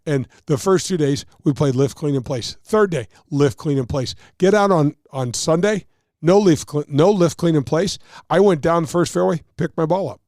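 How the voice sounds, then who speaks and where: A man's voice: fairly high pitch, moderate pace, few pauses, darkish tone, dry recording, clean studio sound. A man, a touring golf pro, explaining rules and telling stories in a casual chat, acting out quotes and laughing at himself.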